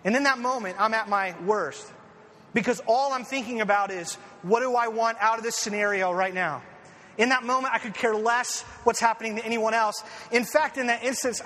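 High-voiced man preaching in an echoey hall. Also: moderate pace. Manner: animated, self-deprecating storyteller with many fillers. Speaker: pastor. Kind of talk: conversational sermon with personal stories. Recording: echoey hall with faint ambient noise.

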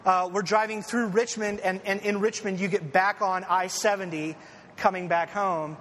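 High-voiced man preaching in an echoey hall. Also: moderate pace. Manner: animated, self-deprecating storyteller with many fillers. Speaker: pastor. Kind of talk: conversational sermon with personal stories. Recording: echoey hall with faint ambient noise.

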